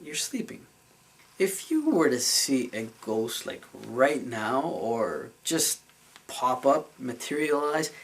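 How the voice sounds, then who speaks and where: A man recounts a dream for his vlog in a loose, earnest way, circling back with fillers and restarts. His mid-pitched voice carries a gravelly edge. A faint hiss sits under the recording. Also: rough recording. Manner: rambling, many fillers and restarts; earnest and emotional. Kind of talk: casual storytelling vlog.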